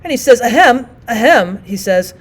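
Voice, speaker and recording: Woman reading, young male soldier, eager, gossiping, mimics officers, loud. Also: a little high, moderate pace. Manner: excited storytelling, mimicking others.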